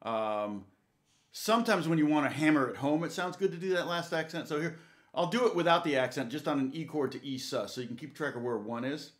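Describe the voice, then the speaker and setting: A man's voice: fairly high pitch, lively intonation, a little fast. A man giving a casual live guitar lesson, rambling and chatty, counting beats aloud between bits of guitar playing. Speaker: guitar teacher. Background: guitar playing between talk.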